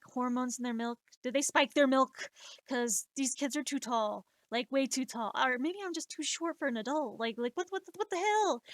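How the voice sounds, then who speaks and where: A woman in her late twenties telling stories on a live stream, animated and exasperated, swearing freely. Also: on the high side, no echo. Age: 20s. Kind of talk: casual storytelling.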